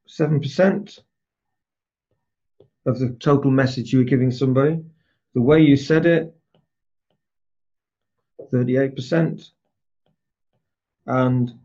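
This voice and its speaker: A man teaching a group, explaining ideas and sometimes speeding up or slowing down to show a point. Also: mid-range voice, warm tone. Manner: explanatory, varies pace to demonstrate points. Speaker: trainer. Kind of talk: lecture to a group. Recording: slightly dull, lo-fi.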